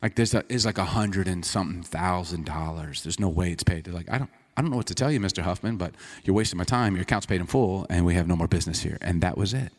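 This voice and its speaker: A man's voice: low-pitched, quick pace, hardly any pauses. A male pastor preaching a sermon in a conversational storytelling way, acting out dialogue. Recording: reverberant hall.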